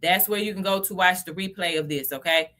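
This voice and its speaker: Southern lady from tennessee doing a chatty crypto livestream, bright voice, keeps saying okay and y'all. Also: lowish voice, fairly quick. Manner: chatty, asks "okay?" often, addresses viewers as y'all. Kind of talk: casual livestream teaching.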